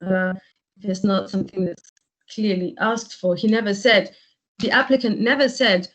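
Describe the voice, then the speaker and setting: A woman, a workshop participant, gives spoken feedback on a role-play, analytically weighing what went well against the mistakes. Her medium-pitched voice is steady and a bit bright, at a moderate pace, and the recording is lo-fi.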